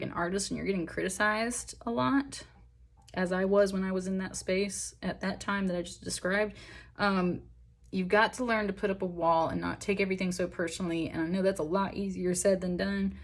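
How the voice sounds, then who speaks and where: Young woman, slightly low voice, tarot reader; earnest, emotional, encouraging, talks in loose rambling asides. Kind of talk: pick-a-pile tarot reading.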